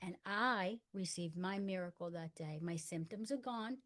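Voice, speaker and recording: A middle-aged woman telling a personal story in conversation, acting out the dialogue and dropping to a hush for quoted lines. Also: fairly low pitch, unhurried. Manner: earnest storyteller acting out dialogue in hushed tones. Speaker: guest.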